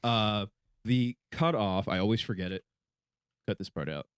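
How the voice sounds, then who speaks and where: A man's voice: lowish voice, moderate pace, clear, resonant tone. A man hosting a podcast in casual chat, rambling with fillers and swearing. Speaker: podcast host.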